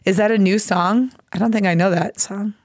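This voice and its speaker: An American woman, a native English speaker, hosting a live English lesson stream, chatting warmly and trying out halting Portuguese over a headphone mic. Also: mid-range voice, fairly even intonation, no room sound, studio quality. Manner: gushing, reads chat names aloud, halting Portuguese. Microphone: headphone mic on a video stream.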